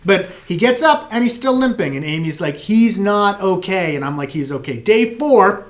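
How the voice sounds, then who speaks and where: A middle-aged American man hosting a live viewer Q&A, telling stories in an animated, self-mocking way. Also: sits high, normal speed. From United States. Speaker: host answering viewer questions. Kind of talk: live Q&A chat.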